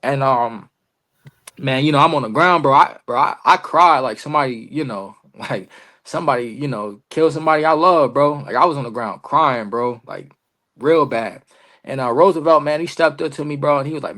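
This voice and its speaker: A man's voice: mid-range voice, fairly quick. A young man, a wrestler guest on a podcast, telling a story in casual slang and acting out the dialogue. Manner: animated storyteller, heavy slang, acts out quoted dialogue.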